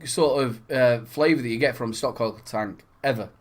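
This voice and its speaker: A man's voice: mid-range voice, normal speed. A man with a Yorkshire accent co-hosting a casual chat, telling stories with lots of swearing and laughter. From Yorkshire, England. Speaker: podcast co-host.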